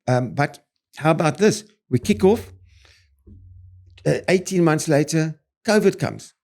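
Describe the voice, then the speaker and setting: An older man with a South African accent, a property developer in an interview, speaks a little high and a little slowly. He's an animated storyteller who tells his tales in short, punchy bursts, full of fillers and restarts.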